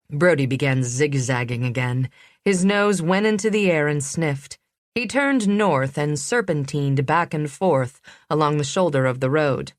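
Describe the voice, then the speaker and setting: A woman narrating a suspense audiobook in a measured, even reading. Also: deep voice, no echo, studio quality. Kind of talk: scripted narration.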